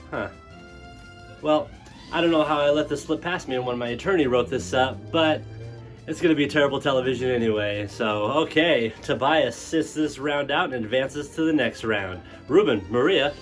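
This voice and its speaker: A man's voice: mid-range voice, animated, moderate pace, soft background music, lightly acted. A man playing a smug, mocking game show host. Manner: showman announcer, mocking.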